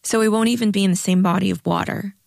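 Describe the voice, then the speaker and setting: A woman reading the part of a loyal female friend who speaks in a measured, restrained way. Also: mid-range voice, fairly even intonation, creaky, darkish tone, dry recording, clean studio sound.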